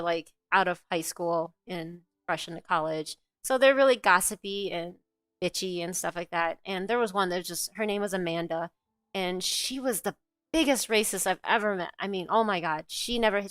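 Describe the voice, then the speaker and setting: A woman's voice: lowish voice, normal speed, a bit bright, no room sound, soft background music. A middle-aged woman co-hosting a show, telling a personal story in a candid, rambling way, with lots of fillers and swearing. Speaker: co-host.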